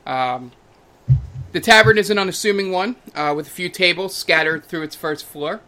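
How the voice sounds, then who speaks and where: A man narrating a tabletop game as game master, pausing often with ums and uhs. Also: sits high, pushed and bright. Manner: halting, lots of ums and uhs.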